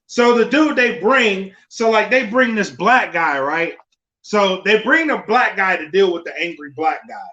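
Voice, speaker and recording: A young man co-hosting a podcast, telling a story in an animated, profane, laughing way. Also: high-pitched, a little slow, echoey room. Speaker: podcast co-host. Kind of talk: casual chat, storytelling. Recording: slightly dull lo-fi podcast audio.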